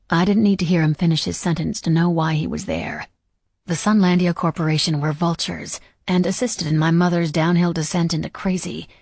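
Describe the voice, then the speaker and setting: A woman narrating a first-person audiobook in a quiet, measured, somber way. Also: on the low side, creaky, breathy edge, no echo, clean studio sound.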